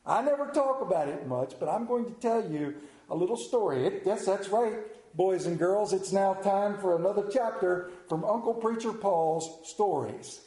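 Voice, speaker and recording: A man telling a folksy story with a dramatic, drawn-out delivery and slowed emphasis. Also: high-pitched, expressive, warm tone. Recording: roomy echo.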